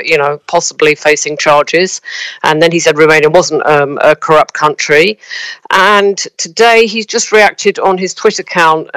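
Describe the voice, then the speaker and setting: Woman correspondent, phone-in, hesitant and measured, crisp dry voice. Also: low voice, a bit bright, no echo, low-quality recording. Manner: measured, hesitant with frequent ums. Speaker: news correspondent. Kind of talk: news interview. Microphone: phone call.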